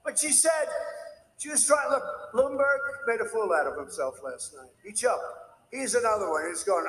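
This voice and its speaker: A man's voice: high voice, lively intonation, moderate pace, fairly bright tone, low-quality recording. A man speaking as president, combative and repetitive, brushing off reporters. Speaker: president at a press conference. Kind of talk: speech and press conference remarks.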